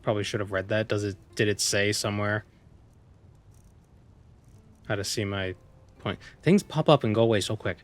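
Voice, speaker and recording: A man streams a game and chats loosely, cracking jokes and reading lines aloud as he plays. His voice sits on the low side. Quiet game music runs in the background. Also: normal speed, pauses often. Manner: joking, reads game dialogue aloud, muses to himself. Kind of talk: casual gameplay commentary.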